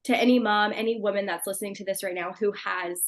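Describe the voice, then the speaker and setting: A young woman hosting a podcast, upbeat and quick to agree as she asks her questions. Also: mid-range voice, steady tone. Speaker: podcast host. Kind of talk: casual interview chat.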